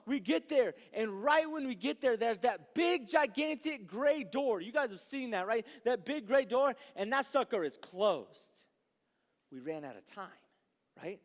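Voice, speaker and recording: A man, a youth pastor, telling a story in a sermon, animated and rambling, with asides like "right?". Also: very high voice. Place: church youth service hall. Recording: long reverb of a large hall.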